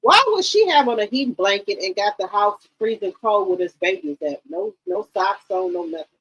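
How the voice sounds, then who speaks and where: A woman's voice: mid-range voice, big pitch swings, moderate pace, a bit bright, slightly rough, poor audio. A woman giving blunt, profane commentary on a reality show, questioning everything on a casual livestream.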